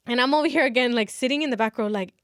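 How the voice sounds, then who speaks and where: A woman's voice: a little high, rapid-fire, dry recording, studio quality. A young woman co-hosting a podcast, telling a college story in casual chat and acting out what people said, with a few Spanish phrases mixed in. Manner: animated storyteller who acts out quotes, mixes in Spanish phrases. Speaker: podcast co-host.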